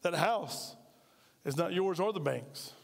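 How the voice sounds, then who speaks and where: A man's voice: high voice, lively intonation, takes it slowly, gravelly, big-room sound. A man preaching a sermon as pastor, talking conversationally and drawing call-and-response from his congregation in a large church. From United States.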